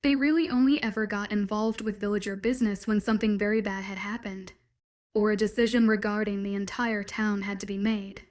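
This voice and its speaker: Lady reading a first-person werewolf story, mid pitch, steady and dramatic. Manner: measured, dramatic inner monologue. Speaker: narrator.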